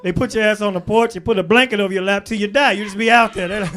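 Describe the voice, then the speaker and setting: A man performing a stand-up comedy set in a club, working the crowd with loud bursts and low asides. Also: steady tone, fast talker, few pauses. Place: comedy club stage before a laughing crowd. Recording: live club recording with crowd laughter. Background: audience laughter.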